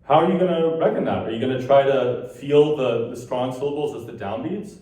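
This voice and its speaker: A man's voice: medium pitch, a little fast, dark tone. A man giving a conference lecture, explaining ideas and now and then tapping out rhythms in sung syllables. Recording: echoey hall from far off.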